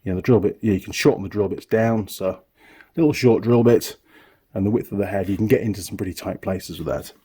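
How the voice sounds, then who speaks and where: Chatty middle-aged man, dark husky voice. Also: lowish voice, fast talker. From United Kingdom. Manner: chatty, rambling, self-correcting. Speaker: workshop YouTuber, mechanic. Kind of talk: casual tool tour talk. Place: home workshop.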